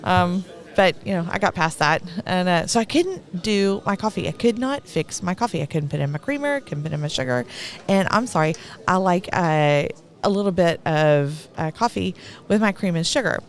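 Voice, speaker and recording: A woman's voice: fairly low pitch, animated, moderate pace. A middle-aged woman with a Texan accent giving rambling, talkative live commentary at an event, laughing between thoughts.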